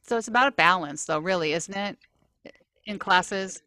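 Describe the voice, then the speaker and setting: A woman's voice: fairly low pitch, moderate pace, no room sound, clean studio sound. A woman teacher chatting on a podcast, telling classroom stories and acting out what was said. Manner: storytelling, animated, acts out quotes. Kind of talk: casual podcast chat.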